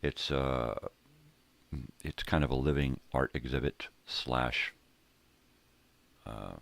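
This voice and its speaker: A man's voice: very deep voice, takes it slowly, gravelly, fairly bright tone. An older man hosting a rambling, laid-back morning monologue, talking in a casual, profane way from a home room crammed with tapes and records. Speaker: host.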